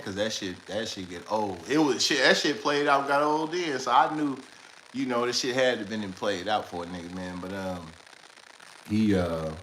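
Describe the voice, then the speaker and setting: A man with a fairly low voice spins a loose, laughing street story, full of slang and asides. He sounds like he's in an echoey room, with a faint hum of ambience behind him. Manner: animated, laughing retelling with heavy slang. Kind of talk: casual storytelling.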